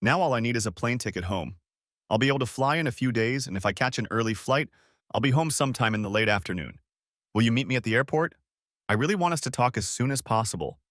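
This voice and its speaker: A man's voice: medium pitch, animated, quick pace, fairly bright tone, dry recording, studio quality, lightly acted. A man voicing a tearful, pleading young wife. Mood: eager. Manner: desperate, begging.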